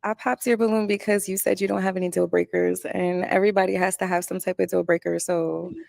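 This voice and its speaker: Woman, 30s, heavy vocal fry, flat delivery, dry close sound, straight-talking contestant. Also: lowish voice, brisk, no room sound. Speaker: makeup artist contestant. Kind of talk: casual dating show answers.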